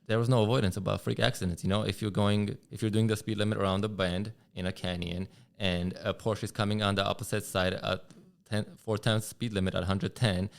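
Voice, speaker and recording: A man's voice: fairly low pitch, flat delivery, a little fast, gravelly. A man talking as a podcast guest in a casual conversation, reflective and restarting his sentences often. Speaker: guest rider.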